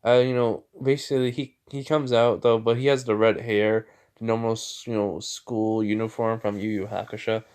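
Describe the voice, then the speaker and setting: A man's voice: fairly low pitch, level tone, normal speed, darkish tone, clear, resonant tone. A young man improvising a fan story, rambling with many fillers and self-corrections.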